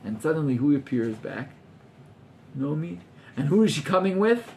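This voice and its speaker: A man's voice: a little high, big pitch swings, normal speed, a little mellow, a little hiss or hum. A man, a rabbi teaching an informal class to students, talking animatedly and acting out scenes with gasps while mixing in Hebrew terms.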